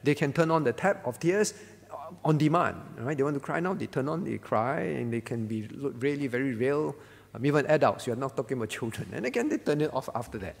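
A man's voice: medium pitch, animated, a little fast, vocal fry, in a large hall. A male pastor giving a conversational sermon at a prayer meeting, often checking in with the congregation by asking "all right?". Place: church hall.

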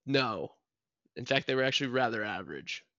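A man's voice: medium pitch, fairly quick, dry recording, muffled recording. A man in his early twenties co-hosting a podcast, chatting casually and telling jokey stories. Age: young adult. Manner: joking, self-mocking, animated storytelling. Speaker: podcast co-host. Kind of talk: casual chat.

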